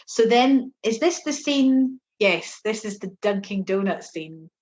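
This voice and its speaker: A woman co-hosting a movie review podcast, chatting casually, sarcastic and quick to laugh. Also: mid-range voice, lively intonation, darkish tone, dull audio. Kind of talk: casual chat.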